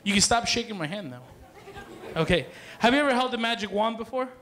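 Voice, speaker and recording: Bright-voiced joking party magician man. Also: high-pitched, animated, brisk. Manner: playful, joking, calls to the crowd. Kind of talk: live party magic show patter. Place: party hall with dance floor.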